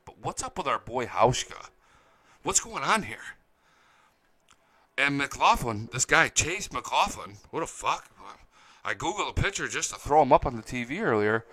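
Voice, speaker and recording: A young man hosting a casual live-stream fan chat, excitable and profane, reading viewer comments aloud. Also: mid-range voice. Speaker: fan show host.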